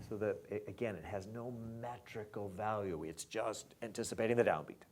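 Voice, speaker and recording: A middle-aged man with a fairly low voice teaches lyric writing. He talks haltingly and often restarts his words. Dry jokes slip in, and he speaks rhythms out loud. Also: a little hiss or hum. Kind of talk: online lesson on lyric scansion.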